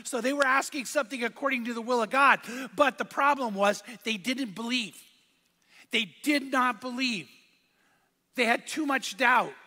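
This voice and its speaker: A man's voice: extremely high pitch, normal speed, sharp tone, long reverb tail. A middle-aged man preaching a fervent sermon in a church, repeating phrases and calling for responses from the congregation. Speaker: pastor.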